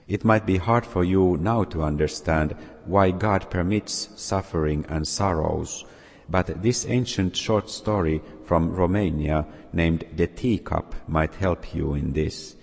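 A man preaching a sermon to children, speaking slowly and gently. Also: deep voice, gravelly, husky. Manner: slow, gentle, addressing children. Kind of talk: sermon with story. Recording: long hall reverb.

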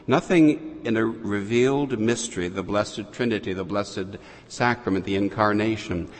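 A man preaching a sermon to children in a slow, deliberate manner with long pauses. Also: lowish voice, big-room sound. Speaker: priest.

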